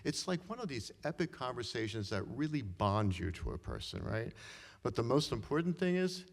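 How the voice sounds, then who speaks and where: A middle-aged man telling a personal story live on stage, talking conversationally and often tagging his sentences with "right?" and clearing his throat. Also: medium pitch, very animated, moderate pace. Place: stage in a hall before an audience. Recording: long reverb of a hall.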